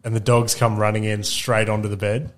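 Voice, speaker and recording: A man's voice: lowish voice, brisk. An Australian man, a podcast co-host and dad, telling loose, sweary stories in casual chat. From Queensland, Australia. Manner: animated anecdotes, swears freely.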